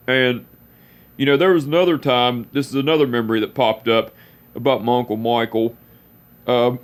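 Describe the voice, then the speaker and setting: A man telling a personal story, halting and repeating phrases as he restarts. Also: medium pitch.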